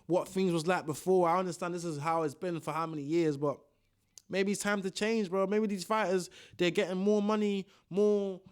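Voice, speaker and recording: A man's voice: sits high, steady tone, normal speed, clear, resonant tone. A young man giving casual boxing commentary, slangy and ranting, often repeating himself. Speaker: boxing vlogger.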